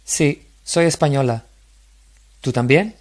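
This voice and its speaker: A man with a Spanish accent reading a Spanish woman's lines in a beginner's dialogue, slow and clear for learners. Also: a little high, lightly acted. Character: Spanish woman meeting a stranger.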